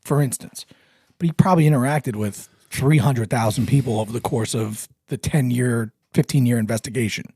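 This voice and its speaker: A man co-hosting a podcast, with a gravelly, husky voice and an argumentative, laughing way of bantering. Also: medium pitch, brisk, warm tone, no echo. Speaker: podcast co-host. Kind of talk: casual chat.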